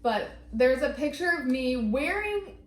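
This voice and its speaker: Female co-host with a high voice, candid and profane, in an echoey room. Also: lively intonation, a little slow. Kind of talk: casual podcast chat.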